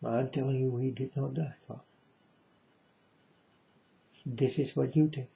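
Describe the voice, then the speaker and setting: A man giving a preachy monologue to his viewers, halting often and grandly addressing them as folks. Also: medium pitch, steady tone, creaky, dark tone. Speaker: self-styled preacher vlogger. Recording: dull lo-fi recording.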